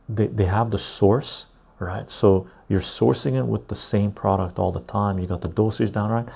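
A man's voice: fairly low pitch, gravelly, dark tone, breathy edge. A man hosting a live stream, chatting loosely with viewers and reading their comments aloud. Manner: loose and chatty, reads the chat aloud, says "right?" often.

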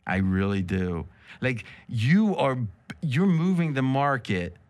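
A man's voice: medium pitch, big pitch swings, takes it slowly, darkish tone. A man hosting a casual sports betting talk show, joking and teasing his guests with rambling asides. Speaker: host.

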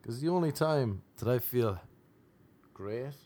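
A man in his thirties, a comic running his own podcast, meanders wryly through casual talk and pops into high voices for quoted asides. He sounds warm and expressive and takes his time.

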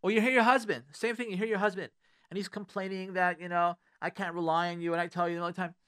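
A man's voice: high-pitched, flat delivery, quick pace, a bit bright, smooth. A man hosting a radio advice show from a studio, talking emphatically, repeating his key phrases and mixing Hebrew prayer words into his English. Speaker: radio show host giving relationship advice.

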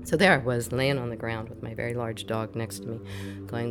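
A woman's voice: rumbling low, steady tone, brisk. A middle-aged woman, a psychotherapist, telling a personal story in an interview in an earnest, reflective way, repeating phrases for emphasis. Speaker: psychotherapist guest. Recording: music playing under the voice.

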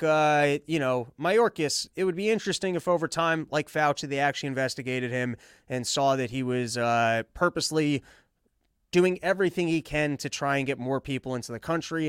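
A man's voice: on the high side, clear, resonant tone, no room sound, clean studio sound. A man hosting a podcast, giving casual, rambling political commentary and sarcastically mocking others in put-on quotes. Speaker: podcast host.

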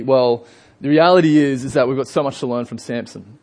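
A man's voice: medium pitch, a little fast, a little mellow. A young Australian man preaching a sermon in a casual storytelling way, with lots of fillers and asides to the congregation. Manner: chatty storytelling with frequent fillers.

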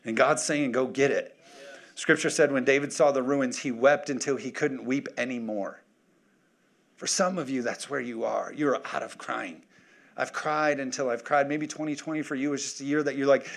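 A man in his thirties preaching a sermon as pastor, energetic and full of joking asides. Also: mid-range voice, normal speed, vocal fry.

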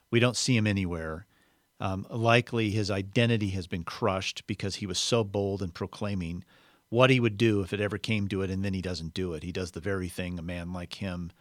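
A man's voice: on the low side, no echo, clean studio sound. A man preaching a sermon, explaining a Bible passage in a conversational teaching manner.

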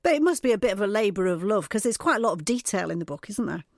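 Woman, radio host, friendly, playful, middle pitch, dry close sound. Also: very animated, fast talker, no echo. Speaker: radio presenter. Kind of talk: radio interview.

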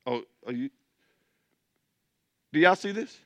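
A man's voice: on the high side, moderate pace, sharp tone, dry recording. A man preaching as pastor, building intensity, with mocking asides about churchgoers. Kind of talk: sermon.

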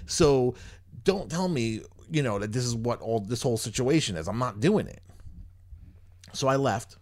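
A man's voice: medium pitch, lively intonation, moderate pace, darkish tone. A man hosting a podcast, telling a long story in casual chat, rambling and exasperated, swearing freely. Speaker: podcast host.

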